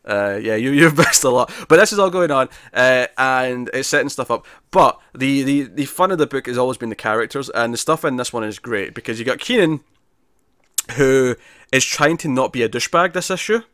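A man chatting casually as a podcast co-host, recapping at length with lots of "like" and "uh" and frequent restarts. His voice sits at an ordinary middle pitch. It is recorded close and dry, with no room sound. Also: expressive, a little fast, a bit bright, dry recording. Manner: rambling, lots of fillers and restarts. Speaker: podcast co-host reviewing comics. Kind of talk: casual chat.

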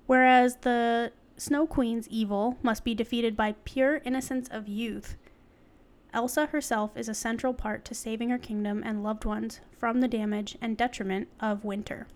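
A young woman with a slightly high voice co-hosts a chatty podcast. She reads passages from an article aloud, then drops into joking asides and quick laughs. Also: steady tone. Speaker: podcast co-host. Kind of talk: casual podcast chat, reading aloud.

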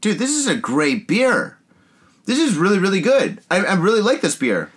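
A man's voice: high-pitched, normal speed, breathy edge. A man hosting a casual drinking podcast, joking and laughing often as he talks. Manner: laughs often, jokey and excitable. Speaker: podcast host.

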